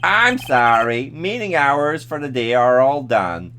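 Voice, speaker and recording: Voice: medium pitch, very animated, slow pace, background noise. Dopey jail guard, voiced by a let's player: goofy nasal cartoon voice. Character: dim cartoonish middle-aged male jail guard. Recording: game music playing behind.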